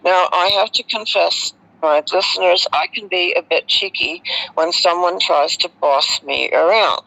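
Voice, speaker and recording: An American woman, a radio host, recounting a personal experience to her listeners in an expressive, animated way. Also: lowish voice, unhurried, vocal fry, highs cut off. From United States. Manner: expressive, animated retelling with emotional swings.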